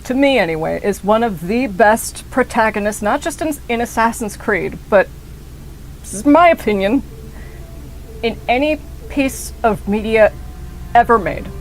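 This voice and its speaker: A young woman streaming a game, talking in a rambling, excitable way and swearing often. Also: on the high side, a little slow, a little hiss or hum, rough recording. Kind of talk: casual gameplay commentary.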